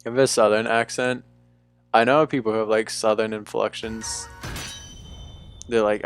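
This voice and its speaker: A man's voice: on the low side, flat delivery, measured pace, creaky, long pauses, faint music behind. A young man from Bermuda with a mixed, faintly English-tinged neutral accent, chatting casually and rambling on a live stream, swearing freely.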